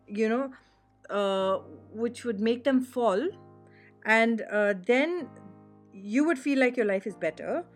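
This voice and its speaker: Woman doing a chatty film review, earnest and thoughtful, middle pitch, faint guitar in the back. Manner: earnest and reflective, warmly enthusiastic. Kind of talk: casual spoken film review.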